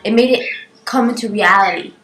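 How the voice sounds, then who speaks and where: A woman co-hosting a home-made variety show, chatting casually and excitably, full of "like"s, acting out the shouts she heard. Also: mid-range voice, a little fast. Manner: excitable, many "like"s, acts out shouts. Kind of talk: casual chat. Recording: echoey room with music behind.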